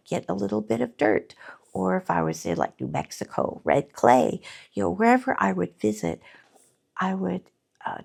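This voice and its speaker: A middle-aged woman talking slowly and from the heart in a personal vlog, often pausing to search for words, at times teary-eyed. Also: lowish voice, vocal fry, breathy edge. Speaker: artist vlogger.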